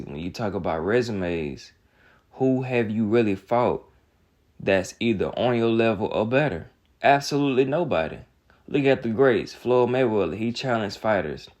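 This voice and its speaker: A man's voice: on the low side, lively intonation, normal speed, a little mellow. A young man, ranting in casual commentary with a heated, mocking, repetitive manner. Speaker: boxing commentator.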